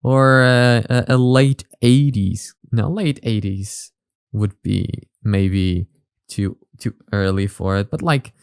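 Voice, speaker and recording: A man's voice: on the low side, fairly even intonation, slow, clear, resonant tone, no room sound, studio quality. A young man hosting a reaction video, talking casually in a rambling, self-mocking way. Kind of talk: casual chat.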